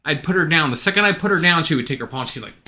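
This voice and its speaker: A man co-hosts a relaxed podcast chat, joking around and drifting from one tangent to the next. His voice is bright and forceful, with lively swings in pitch. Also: very fast. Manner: playful, jokey, tangent-prone. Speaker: podcast co-host. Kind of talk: casual chat.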